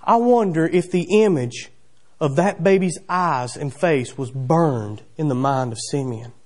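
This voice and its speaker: A man's voice: fairly high pitch, measured pace, a little mellow. A man preaching a sermon in a church, telling the story in a folksy way full of wondering questions. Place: church sanctuary.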